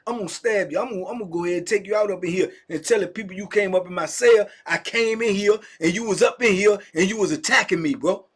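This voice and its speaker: A man's voice: sits high, fast, few pauses, slightly rough. A man voicing a menacing prison tough. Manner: cold, threatening, keeps pressing questions. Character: menacing male prisoner threatening an intruder.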